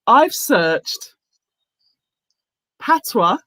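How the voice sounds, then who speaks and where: A woman hosting a casual online talk show, speaking deliberately and reading out her own posts with emphasis. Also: on the high side, big pitch swings, a bit bright, poor audio. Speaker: host.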